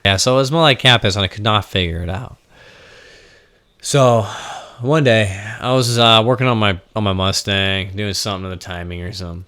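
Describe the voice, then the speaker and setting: Young man, casual storytelling, bright voice, animated, swearing and laughing. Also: fairly low pitch, normal speed.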